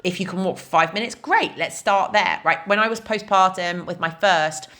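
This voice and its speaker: A woman's voice: on the low side, moderate pace, bright, forceful tone. A woman in her thirties, a fitness coach, explaining in a casual, chatty way with lots of "like" and "right?". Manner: chatty, frequent "like" and "right?" fillers.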